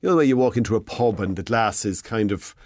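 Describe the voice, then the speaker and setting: A man's voice: fairly low pitch, expressive, quick pace, darkish tone, no room sound. A man of sixty with an Irish accent, giving home repair advice on a radio show in a rambling, self-correcting way, speaking into a studio mic. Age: 60s. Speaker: hardware expert guest.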